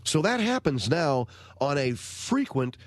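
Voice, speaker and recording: A man's voice: fairly high pitch, big pitch swings, measured pace, no room sound. A man in his forties hosting a talk radio show, telling rambling, wry stories. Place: radio studio. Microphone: close studio microphone.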